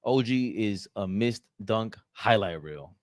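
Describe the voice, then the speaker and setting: A man's voice: lowish voice, expressive, takes it slowly, dry recording, studio quality. A man hosting a casual live-stream sports talk show, reading chat comments aloud and ranting and bantering with the chat, with laughs between points.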